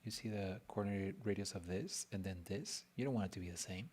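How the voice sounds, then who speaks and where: A man's voice: low voice, a little fast, darkish tone, husky. A man streaming a casual design walkthrough who chats and mutters to himself, teasing himself along the way. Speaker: web designer streaming his work.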